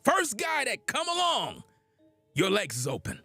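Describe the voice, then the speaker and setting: A man's voice: very high voice, huge pitch swings, measured pace, bright, forceful tone, no room sound, soft background music. A man giving blunt, preachy reaction commentary on a livestream, lecturing his audience in casual slang.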